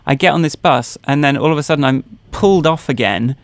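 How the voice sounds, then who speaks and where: A man's voice: on the high side, fast talker, dry recording. A man co-hosting a podcast, telling personal stories in casual chat, rambling with many fillers and restarts. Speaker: podcast co-host.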